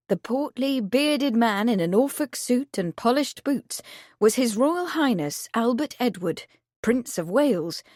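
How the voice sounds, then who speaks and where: A woman with a medium-pitched voice narrates a mystery audiobook from a script, measured and even in her storytelling. The sound is clean studio audio with no echo.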